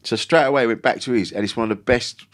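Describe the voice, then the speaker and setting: A man's voice: medium pitch, fast. A man, a comedian guesting on a podcast, telling stories in a rambling, swearing, self-interrupting way. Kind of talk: casual chat.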